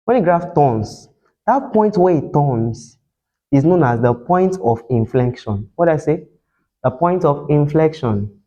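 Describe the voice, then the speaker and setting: A male tutor explaining step by step in a lesson, pitched a little above most men. He keeps quizzing his listeners with "the point of what?" and repeats key words. His tone stays warm and mellow. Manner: call-and-response questions, repeats key terms. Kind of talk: whiteboard lesson.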